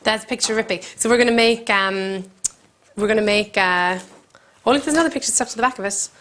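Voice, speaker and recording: A woman comedian with a Cork accent hosting a comedy cooking show, telling rambling deadpan stories with giggles in between. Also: medium pitch, brisk. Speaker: comedian host. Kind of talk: deadpan comic monologue. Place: country kitchen.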